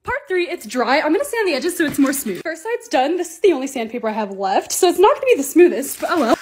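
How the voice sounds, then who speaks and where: A young woman narrating her own videos as a creator, bubbly and gushing as she shows off things she bought. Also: high-pitched. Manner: bubbly, gushing, quick and excitable. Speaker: TikTok creator. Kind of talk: casual vlog voice-over.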